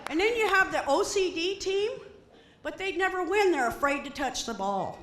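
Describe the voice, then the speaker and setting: A middle-aged woman performing a stand-up comedy set, animated and acting out quoted voices. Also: very high voice, moderate pace, echoey room, noisy background. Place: comedy stage before an audience.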